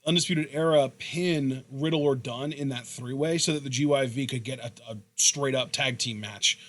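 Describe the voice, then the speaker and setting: A man's voice: medium pitch, moderate pace, fairly bright tone. A young man hosting a podcast in casual chat, rambling through long questions. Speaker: podcast host.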